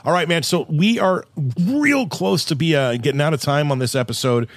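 A man hosting a podcast in a casual chat, firing off quick questions in an upbeat way. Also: a little high, dry recording, clean studio sound. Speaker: podcast host.

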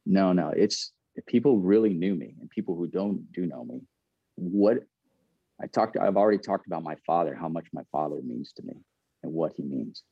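A man's voice: deep voice, expressive, normal speed, breathy edge, no room sound, lo-fi sound. An earnest man in middle age, a former pro ball player telling a candid story, often repeating and restarting his phrases.

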